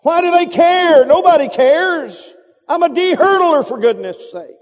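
A man's voice: extremely high pitch, expressive, measured pace. A man preaching a sermon, telling a story dramatically with sound effects and repetition. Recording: reverberant hall.

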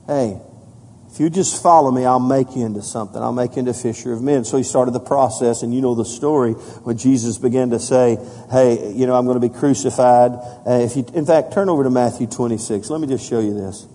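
Speaking a little fast, a man preaches as pastor, reading scripture with mounting emphasis and sinking low and soft for solemn points. The recording carries hall reverb.

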